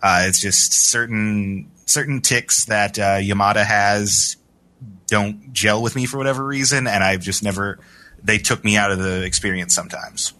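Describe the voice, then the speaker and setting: A man on a podcast giving a measured, hesitant opinion of a film, with frequent fillers. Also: lowish voice, steady tone, pushed and bright, rough recording. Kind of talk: casual film review chat.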